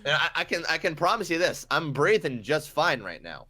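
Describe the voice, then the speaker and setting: A man's voice: on the high side, very animated, brisk, bright, forceful tone. A young man with a congested voice, a podcast guest who rambles and mocks himself. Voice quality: congested, nasal-sounding voice. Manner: rambling, self-mocking, many restarts. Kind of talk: casual podcast chat.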